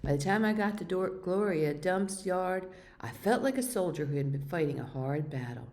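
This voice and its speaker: A woman reading a children's novel aloud, with steady, expressive storytelling. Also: lowish voice, moderate pace. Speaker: reader.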